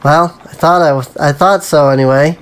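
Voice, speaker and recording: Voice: medium pitch, moderate pace, clear, resonant tone. A let's play host giving casual, chatty gameplay commentary, self-amused, breaking into sudden yelps at mishaps.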